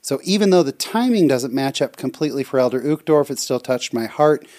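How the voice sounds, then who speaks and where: A man co-hosts a podcast, chatting casually and reading listener comments aloud with warm, effusive, heartfelt reactions. His voice sits at a medium pitch, expressive and a little fast.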